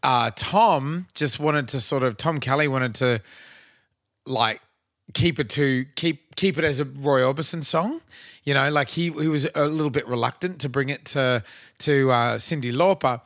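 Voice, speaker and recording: A man's voice: medium pitch, normal speed, fairly bright tone, dry recording, studio quality. An Australian man co-hosting a podcast in casual chat, rambling and swearing with lots of restarts. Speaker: podcast co-host.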